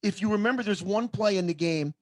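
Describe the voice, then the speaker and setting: A man's voice: sits high, a little mellow, no room sound, clean studio sound. A man hosting a sports show, chatting casually with his guest and reacting eagerly. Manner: eager, chimes in with quick reactions. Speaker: show host. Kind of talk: casual interview chat.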